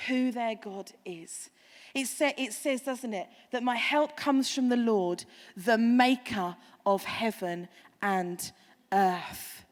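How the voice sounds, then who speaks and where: High-voiced woman preaching in a hall. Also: slow. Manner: chatty, animated storytelling with asides. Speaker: pastor. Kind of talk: sermon.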